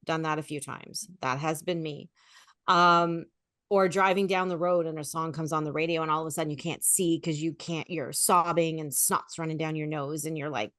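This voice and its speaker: A woman grief coach giving animated, expressive advice in a podcast conversation. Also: low voice, no echo, studio quality. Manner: animated, expressive, lively storytelling.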